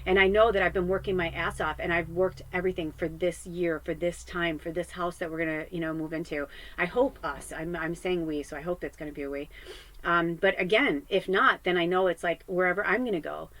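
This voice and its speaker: Female tarot reader and medium, lower-pitched, casual and candid with a frank mouth, earnestly encouraging her audience. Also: steady tone, a little fast, fairly bright tone, poor audio. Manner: candid and chatty, swears freely. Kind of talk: casual spiritual chat to viewers.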